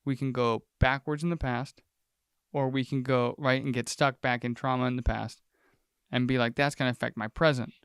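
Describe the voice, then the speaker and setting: A man co-hosting a relaxed podcast conversation, musing aloud and slipping into little acted-out quotes. His voice is smooth and resonant. It is recorded close and dry, with no room sound. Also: medium pitch, moderate pace, no echo. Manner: reflective, rambling, acts out quoted lines. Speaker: podcast co-host. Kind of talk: casual chat.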